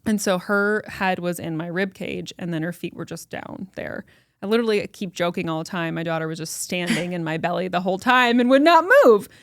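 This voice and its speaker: A woman's voice: on the low side, fairly quick, no echo, clean studio sound. A young adult woman hosting a podcast, telling a personal story in casual talk full of fillers and quotes. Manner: animated storytelling with many fillers. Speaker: podcast host. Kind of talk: casual conversation.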